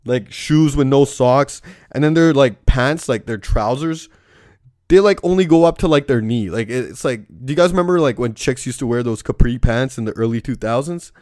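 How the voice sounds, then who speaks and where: A man's voice: medium pitch, animated, normal speed, a little mellow, no echo. A young man rants through a movie review, swearing constantly and tagging lines with "right?". His voice sits in an average male range. The sound is dry and close, with no room around it. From Surrey, British Columbia. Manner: profane, ranting, keeps asking "right?". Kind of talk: profane comedic rant.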